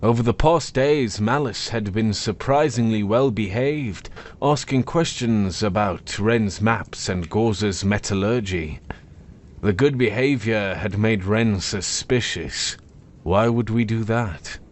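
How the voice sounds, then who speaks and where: A man narrating a fantasy story in a measured, expressive storytelling manner. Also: fairly low pitch.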